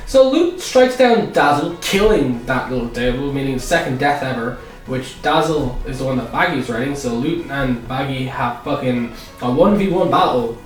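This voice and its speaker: A man giving a casual, profane video review, excitable and prone to sudden outbursts. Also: medium pitch, normal speed. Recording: echoey room, far from mic, music behind.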